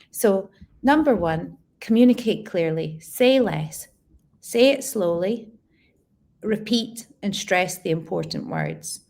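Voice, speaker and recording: A woman educator answers interview questions in a plain conversational way, with a voice of ordinary middle pitch. She lays out practical tips step by step and doubles key words for emphasis. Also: darkish tone. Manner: explanatory, repeats words for emphasis. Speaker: guest educator.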